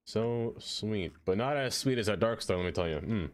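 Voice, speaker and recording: A man streaming a game live, chatting casually with his viewers, laughing often and jumping into high excited exclamations. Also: moderate pace. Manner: chatty, laughs often, talks straight to chat.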